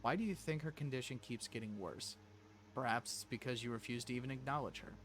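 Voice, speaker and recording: A man's voice: mid-range voice, quick pace, a bit bright, slight background noise, natural voice. A man voicing a stern, formal middle-aged mother who scolds her son in a mystery game.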